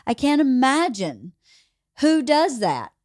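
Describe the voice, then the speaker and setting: A woman's voice: high voice, very animated, slow, darkish tone, no room sound, studio quality. A woman hosting a podcast, telling personal stories in a candid, casual way. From Georgia. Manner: candid storytelling, swears casually. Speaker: podcast host. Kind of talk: casual conversation.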